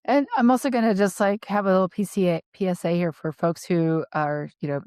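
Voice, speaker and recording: A middle-aged woman co-hosting a podcast discussion, speaking in a gentle, caring and practical way. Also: fairly low pitch, steady tone, brisk, smooth, no room sound, clean studio sound. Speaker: podcast co-host. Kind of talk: casual panel discussion.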